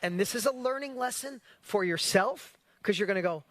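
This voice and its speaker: An energetic man hosts an online business challenge in a loose, motivational way and keeps throwing rhetorical questions at his viewers. His voice sits high for a man and sounds bright and forceful. The sound is dry, with no room echo. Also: normal speed. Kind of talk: casual motivational livestream talk.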